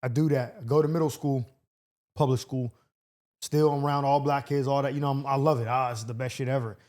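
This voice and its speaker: A man's voice: medium pitch, steady tone, brisk, darkish tone. A young adult man hosting a podcast in casual chat, talking loosely and rambling. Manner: loose, rambling, full of fillers and restarts. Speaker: podcast host.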